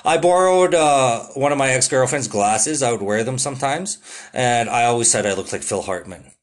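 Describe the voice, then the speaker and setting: A young man hosting his podcast, talking casually and excitedly, full of swearing and "dude" and "like". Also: medium pitch. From Canada. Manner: profane, excitable, drawn-out "dude" and "like" fillers. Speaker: podcast host. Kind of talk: casual solo podcast monologue.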